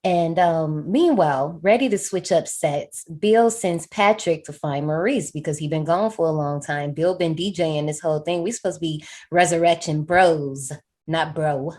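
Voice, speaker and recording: Low-voiced woman recapping a horror film. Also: moderate pace, darkish tone. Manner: playful, frank, laughs often, slangy. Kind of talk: casual chat, film recap.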